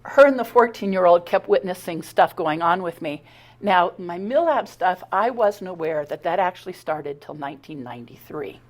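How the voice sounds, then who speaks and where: A middle-aged woman giving a talk, telling her own story in an animated, conversational way, acting out the dialogue and often stumbling and restarting. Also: fairly low pitch, moderate pace. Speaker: speaker giving a talk on her abduction experiences. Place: talk at a spiritual center.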